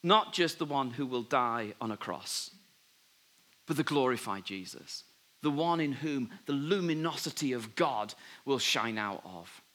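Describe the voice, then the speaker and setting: A man preaching a sermon, telling a Bible story with lively asides and dropping softly when he gives God's words. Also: medium pitch, a little slow. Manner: animated storytelling, drops to soft voice for God's words. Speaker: pastor.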